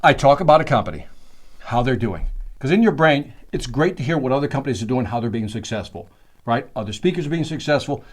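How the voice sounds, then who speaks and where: A middle-aged man teaching a sales seminar, excitable and emphatic, speaking straight to his listeners. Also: medium pitch, quick pace. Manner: animated, excitable, emphatic, talks to the listener directly. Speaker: sales trainer.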